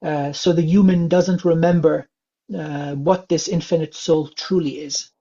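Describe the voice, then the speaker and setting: A man gives a calm, unhurried spiritual reading in a gravelly, somewhat husky voice, his speech full of soft filler sounds. The recording is dull and lo-fi. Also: a little high. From England. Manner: calm, gentle, many filler uhs. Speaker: spiritual reader. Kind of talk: psychic reading session.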